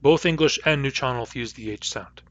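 A man's voice: mid-range voice, moderate pace, a bit bright, no echo, lo-fi sound. A man teaching a phonetics lesson, explaining sounds patiently and demonstrating each one aloud. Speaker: language teacher.

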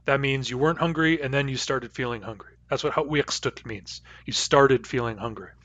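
A man teaching a language lesson, repeating each example word slowly and carefully. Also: medium pitch, fairly bright tone, no echo, highs cut off. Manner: slow, careful repetition of example words.

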